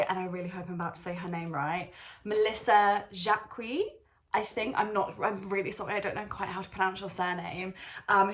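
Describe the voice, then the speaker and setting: A young woman drama student talking straight to her viewers in a casual vlog. She gushes with feeling and fills her sentences with "like" and "um". Her voice sits at an ordinary middle pitch. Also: a bit bright. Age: young adult. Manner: gushing, emotional, lots of fillers.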